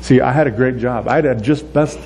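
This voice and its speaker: A man preaching a sermon as a pastor, talking in a relaxed, conversational way and acting out the prayers he quotes. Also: mid-range voice, normal speed. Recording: echoey hall with faint hum.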